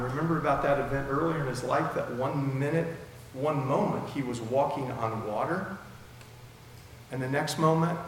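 A man's voice: mid-range voice, a little hiss or hum. Male pastor, emphatic sermon delivery with a dry mouth, voice ringing through a large reverberant hall. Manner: emphatic, with dramatic swings in loudness. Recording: echoey hall with long reverb.

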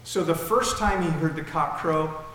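A man's voice: a little high, normal speed, slight background noise. Emphatic male preacher in an echoey hall. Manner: emphatic, with dramatic swings in loudness. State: dry mouth. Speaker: pastor. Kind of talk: sermon. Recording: echoey hall with long reverb.

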